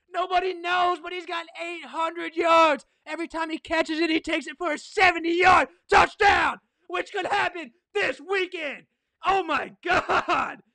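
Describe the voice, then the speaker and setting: High, gravelly, hyped-up podcast host. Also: dry recording. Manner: excitable, shouts, keeps asking "What?". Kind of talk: hyped-up sports preview monologue.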